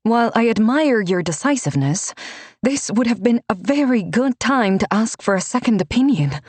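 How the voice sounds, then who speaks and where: A woman's voice: a little high, lively intonation, normal speed, darkish tone, no room sound, pitched above the performer's own voice. A woman voicing a kindly older male mentor with dry humor. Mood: fond.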